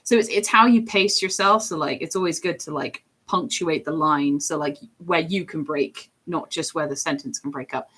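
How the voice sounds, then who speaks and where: A woman's voice: deep voice, normal speed, hardly any pauses, a bit bright, husky. A woman who streams and does voice acting, chatting casually and rambling as she talks. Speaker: streamer and voice actor. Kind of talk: casual chat while drawing on stream.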